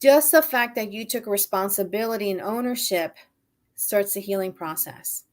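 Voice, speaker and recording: A woman guest on a talk show speaks at a medium pitch. She explains her ideas in a reflective, measured way during a casual conversation.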